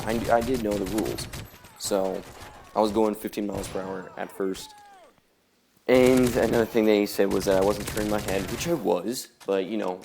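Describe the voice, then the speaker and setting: A young man with a fairly low voice and vocal fry rambles in a laid-back way while commenting over gameplay, leaning heavily on filler words. Loud gunfire from the game sounds behind his voice, along with background noise.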